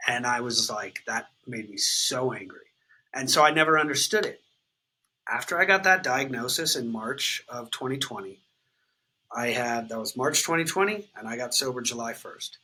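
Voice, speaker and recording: A man's voice: medium pitch, animated, normal speed, sharp tone, breathy edge, poor audio. Candid man telling a raw story. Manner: raw, unfiltered, swears freely, many fillers like "like" and "um". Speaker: guest sharing his recovery story.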